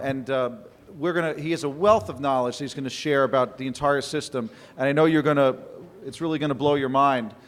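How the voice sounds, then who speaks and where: A man hosting a conference session, introducing the next speaker in a friendly, halting way full of "uh" and "um". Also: medium pitch. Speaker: conference host. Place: conference hall. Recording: long hall reverb.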